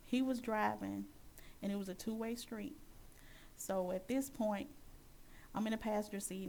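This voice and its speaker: Earnest woman telling a testimony, gravelly tone. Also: medium pitch, a little mellow, slight background noise. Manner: earnest, halting, with many fillers and restarts. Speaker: Christian sharing her testimony. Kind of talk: personal testimony storytelling.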